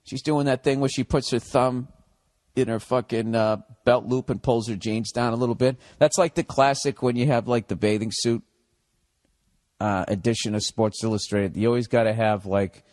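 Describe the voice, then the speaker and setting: Here the same kind of solo comedic rant comes from a middle-aged Boston-accented podcaster: profane, sarcastic, asking and answering his own questions. His mid-range voice is a little mellow, with fairly even intonation at normal speed, captured cleanly in the studio with no echo.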